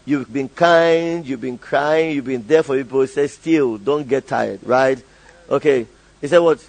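Gravelly pastor leading call-and-response. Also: male voice, medium pitch, a little slow, darkish tone, poor audio. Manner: urges the congregation to repeat lines and laughs often.

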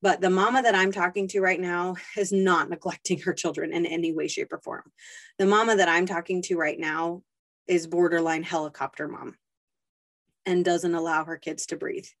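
A young woman hosting a talk, speaking to mothers in a casual motivational monologue, earnest and pleading, acting out quoted inner voices. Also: sits low. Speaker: podcast host speaking to mothers.

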